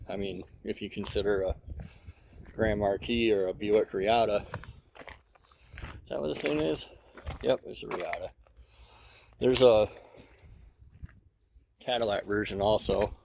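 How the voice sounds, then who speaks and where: A man's voice: on the low side, a little slow, vocal fry, pauses often, a little mellow, slight background noise. A man giving casual walk-around commentary at an outdoor junkyard, muttering running remarks to himself as he browses. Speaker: car hobbyist vlogger.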